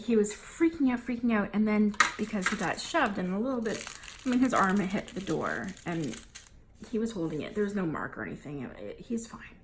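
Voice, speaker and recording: A woman's voice: mid-range voice, a little hiss or hum. A woman in her thirties or forties, telling a frustrating family story to camera in a casual, venting way and acting out what everyone said. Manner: exasperated, venting, acts out family dialogue. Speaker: vlogger.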